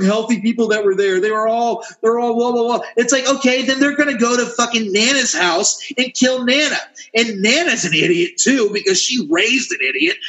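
A man's voice: very high voice, sharp tone, low-quality recording. A man co-hosting a podcast, ranting angrily and profanely in casual chat. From Dallas, Texas. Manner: angry, profane, emphatic ranting. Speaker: podcast co-host.

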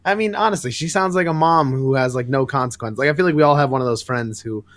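A man's voice: medium pitch, fast talker, dry recording. Dry-sounding man recapping comics. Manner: animated retelling, laughs often, exasperated asides. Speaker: podcast co-host. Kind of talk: casual comic book review chat.

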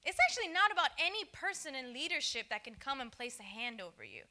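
Quick, sing-song, and sharp, her high voice carries a conversational sermon in which this church speaker addresses the audience directly and plays out small dialogues with laughter. There's a little hiss or hum in the recording.

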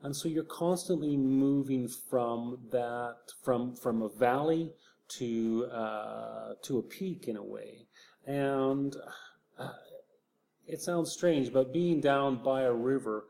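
A man, an author, speaking reflectively in an interview, soft-spoken and halting with frequent restarts. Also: mid-range voice, gravelly, slight background noise.

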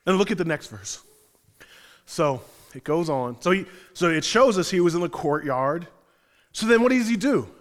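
High-voiced preacher in a reverberant hall. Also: male voice, moderate pace. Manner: animated, conversational, slangy storytelling. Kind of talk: sermon.

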